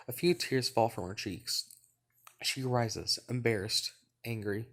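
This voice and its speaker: A man hosting a let's play, reading a visual novel's narration aloud in an even, relaxed way with light asides. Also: medium pitch, slow pace.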